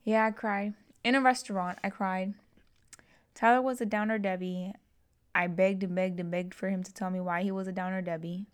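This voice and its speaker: A woman's voice: mid-range voice, steady tone, normal speed, clean tone. Playful, dramatic young woman podcaster. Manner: playful, dramatic, gasps and giggles. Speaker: podcast co-host. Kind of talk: casual chat.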